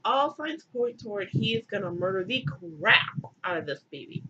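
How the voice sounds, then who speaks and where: A woman's voice: medium pitch, very animated, moderate pace, dull audio, noisy background. A young woman retelling a myth in a giggly, irreverent comic style with crude asides. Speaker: comedic storyteller.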